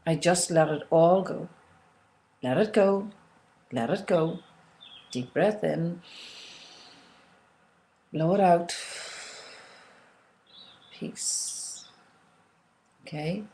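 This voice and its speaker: Lower-voiced woman coaching calmly. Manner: calm coaching, checks in often with "okay?"; leads slow breathing and soft repeated release phrases. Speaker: self-help coach. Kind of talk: guided instructional talk on emotional tapping.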